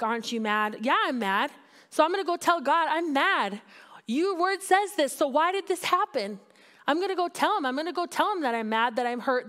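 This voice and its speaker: A woman pastor preaching a sermon in a candid, conversational way, building to emphatic peaks. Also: on the high side. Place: church sanctuary.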